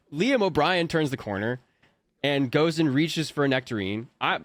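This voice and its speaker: A man's voice: on the high side, dry recording, studio quality. A man in his thirties, a voice actor, telling a story in casual chat and acting out his own panicked thoughts. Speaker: voice actor guest.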